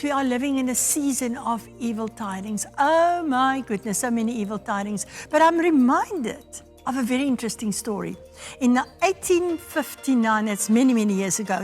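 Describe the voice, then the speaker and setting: A South African woman pastor giving a devotional sermon, telling a story and acting out the voices in it. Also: on the high side. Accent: South African English. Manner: storytelling, acts out quoted voices.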